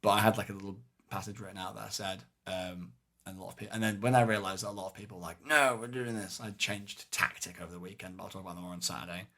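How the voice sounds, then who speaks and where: Casting: deep-voiced guy, podcast co-host, loose rambling recap with lots of ums. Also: rapid-fire. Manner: rambling, many fillers, animated retelling. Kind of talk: casual chat recapping a live-action game event.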